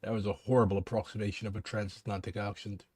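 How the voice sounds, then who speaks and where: A man's voice: fairly low pitch, flat delivery, quick pace, darkish tone. A man giving casual reaction commentary, cutting in with blunt, sarcastic remarks and some swearing.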